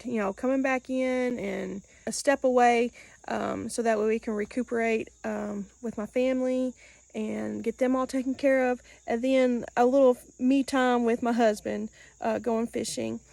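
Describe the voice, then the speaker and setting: A woman hosting a family vlog, thanking viewers in a relaxed, halting way with many ums. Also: a little high, vocal fry, dry recording. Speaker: vlog host. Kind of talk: casual thank-you to viewers.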